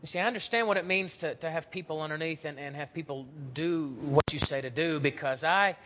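A man preaching a sermon with a voice pitched a bit above the usual for a man. He tells stories and acts out the voices in them, swinging from loud passages to hushed ones. The recording sounds dull and lo-fi. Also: fairly quick, background noise.

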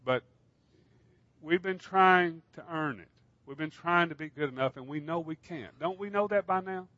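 A man's voice: on the high side, moderate pace, bright, forceful tone, no room sound, dull audio. A man preaching a sermon, earnestly asking his listeners questions. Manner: earnest, asks the congregation questions. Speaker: pastor.

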